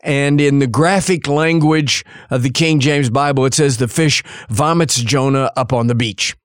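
A male preacher tells a Bible story in sermon style, with a mid-range pitch. His delivery moves between slow, deliberate phrases and quicker runs. The recording is dry and close, with no room sound. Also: smooth, no room sound. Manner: storytelling, acts out quotes.

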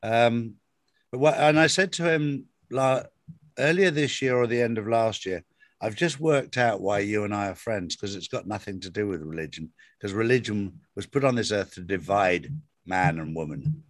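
A man's voice: lowish voice, moderate pace, dry recording, studio quality. A man in casual conversation about faith, telling personal stories and repeating phrases for emphasis. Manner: storytelling, emphatic repetitions.

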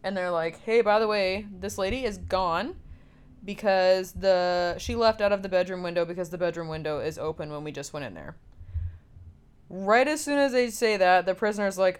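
Young woman recapping a movie, chatty, lots of "like"s, smooth clear voice. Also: on the low side, moderate pace. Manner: casual, filler-heavy storytelling with frequent "like" and swearing. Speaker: film recapper. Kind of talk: casual film recap.

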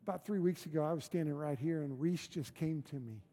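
A man's voice: a little high, brisk, mellow. A man preaching a sermon as pastor in a church, conversational and emphatic, with repeated phrases. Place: church sanctuary.

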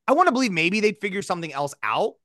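This is a co-host on a casual podcast. The voice rambles and breaks off mid-thought, then laughs partway through a line. Its pitch swings widely, and the recording is dry and close. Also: big pitch swings, quick pace, fairly bright tone, dry recording. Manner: rambling, self-interrupting, laughs while talking. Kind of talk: casual chat.

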